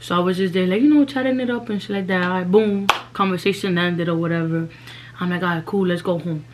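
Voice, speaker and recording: A woman's voice: fairly low pitch, fairly even intonation, fast talker, noisy background. A young woman, telling a personal story in a casual, slangy vlog and dropping in Spanish phrases.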